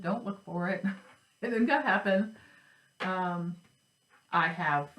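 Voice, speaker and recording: A woman's voice: medium pitch, a bit bright, reverberant, a little hiss or hum, poor audio. A woman chatting casually at home about her cross stitch and craft supplies, rambling and joking at herself. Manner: chatty, rambling, self-deprecating. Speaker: flosstube host.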